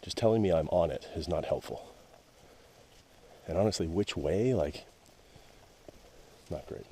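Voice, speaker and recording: On a wooded trail, a Canadian man narrates to his action camera in a low, dark voice, animated yet unhurried, with a wry, grumbling humor. A little hiss or hum is present in the recording.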